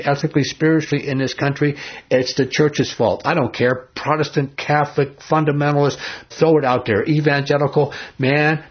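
A man's voice: on the high side, husky. A man leading a Bible study, reading verses aloud and explaining them in an emphatic, conversational way, often asking his listeners questions. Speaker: Bible teacher. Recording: dull lo-fi recording.

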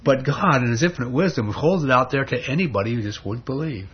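A man with a husky, breathy voice preaches a sermon, emphatic and conversational, throwing rhetorical questions at his listeners. The recording sounds dull and lo-fi. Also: mid-range voice, quick pace.

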